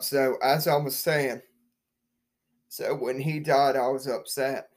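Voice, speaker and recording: A man hosts a casual podcast in a mid-pitched voice. He talks slowly and loosely, circling back on his words and filling the gaps with ums and likes. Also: steady tone. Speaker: podcast host.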